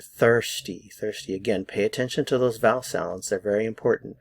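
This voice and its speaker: A man with an American accent teaching a pronunciation lesson, repeating each word slowly and deliberately for learners to copy. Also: fairly low pitch, gravelly, no room sound. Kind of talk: slow drilled pronunciation lesson.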